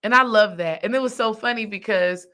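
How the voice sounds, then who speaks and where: Woman host, spiritual coach, casual storytelling, bright forward voice, chatty and animated. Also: mid-range voice, brisk. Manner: chatty, animated, asks "right?" often.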